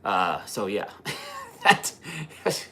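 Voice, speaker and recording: A man with a rather low but bright, forceful voice hosts a casual livestream chat. He rambles through personal stories and chuckles at his own jokes. Between stories he reads out and answers viewer comments. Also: huge pitch swings, extremely slow, a little hiss or hum. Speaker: livestream host.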